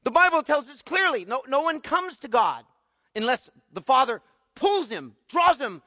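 A man preaching an expository sermon, swinging from quiet explaining to loud emphatic bursts. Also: extremely high pitch, sing-song, normal speed. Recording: muffled sound with long hall reverb.

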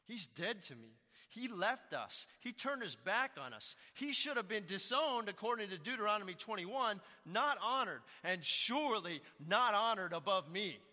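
A man's voice: mid-range voice, slow, long pauses, bright, forceful tone, voice pushed down, heavily acted. A man voicing a resentful, indignant older brother who raises his voice in complaint, in an echoey hall. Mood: bitter.

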